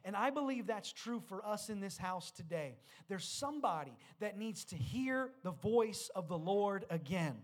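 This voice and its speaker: A man's voice: high-pitched, animated, normal speed, hardly any pauses. A man preaching a sermon, who moves between retelling Bible stories and rising exhortation, often repeating words as he restarts. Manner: builds from storytelling to loud exhortation. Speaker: pastor.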